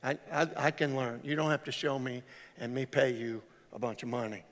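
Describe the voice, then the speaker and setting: A man's voice: medium pitch, normal speed. An older man preaching a sermon as pastor, telling jokes and stories and acting out the voices of people in them. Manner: animated, joking storyteller acting out voices. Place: church sanctuary. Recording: hall reverb.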